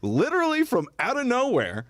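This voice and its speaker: A man's voice: extremely high pitch, wildly swooping pitch, moderate pace, heavy background noise. A man co-hosting a casual comedy talk show, teasing his partner and leading into segments. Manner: dry teasing, leads segments. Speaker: co-host.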